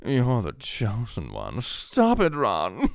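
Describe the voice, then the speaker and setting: A man voicing a shrill, whiny parody wizard-school kid, stretching each line out in a southern Swedish accent. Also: wildly swooping pitch, gravelly, clear, resonant tone, no echo, clean studio sound, heavily acted. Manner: squealing, drawn-out overacted lines.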